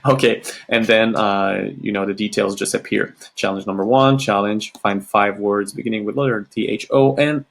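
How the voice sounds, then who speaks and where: A man with a French Canadian accent, a native French speaker, walking through a software tutorial in a halting, apologetic way with many fillers. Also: on the low side, steady tone, vocal fry. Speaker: tutorial host. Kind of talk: screen-recorded software tutorial.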